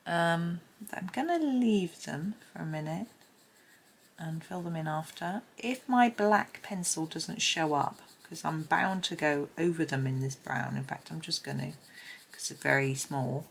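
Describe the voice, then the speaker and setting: Working through a colouring tutorial, a woman chats casually and thinks out loud, occasionally sinking to a murmur. Her low voice is creaky and measured in pace, with a little hiss or hum in the background.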